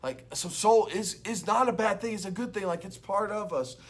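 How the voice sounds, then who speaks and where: A young adult man, a youth pastor, giving an energetic, loud and chatty devotional talk to camera. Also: high-pitched, normal speed.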